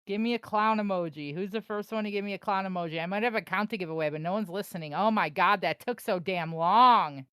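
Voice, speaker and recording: A young woman from the Chicago area, with a Chicago accent, trades while chatting with her live-stream audience, animated, brash, and joking with chat. Her mid-range voice is smooth and fast, with few pauses.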